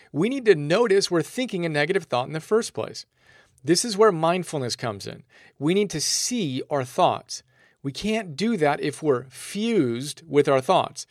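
Guy reading a self-help lesson, playful and upbeat, kinda high-pitched, dry mic. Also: no echo. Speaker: book summary narrator. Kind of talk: scripted self-help narration.

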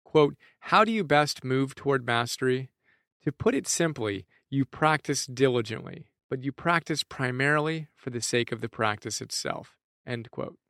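A man's voice: mid-range voice, animated, normal speed, creaky, fairly bright tone, dry recording, studio quality. A man in earnest, reflective scripted narration of a lesson, often putting questions to the listener. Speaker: teacher presenting book ideas.

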